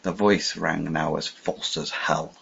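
A man reading a first-person story aloud in a measured, dramatic way. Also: rumbling low, fairly even intonation, gravelly, fairly bright tone, husky. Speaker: audiobook narrator. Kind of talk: scripted narration. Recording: dull lo-fi audio.

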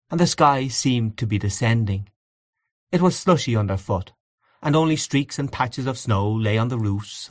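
A man narrating a story aloud in a measured, expressive audiobook reading. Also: fairly low pitch, no echo, studio quality.

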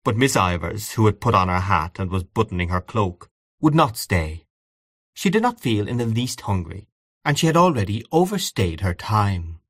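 Man narrating a classic novel, lowish voice, lively reading, dry close sound. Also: normal speed, breathy edge, dry recording. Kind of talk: audiobook narration of classic fiction.

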